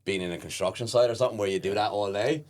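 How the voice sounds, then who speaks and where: Fast-talking deep-voiced comic. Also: male voice. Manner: animated storyteller who acts out the people in his stories. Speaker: podcast host and stand-up comedian. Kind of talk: casual chat.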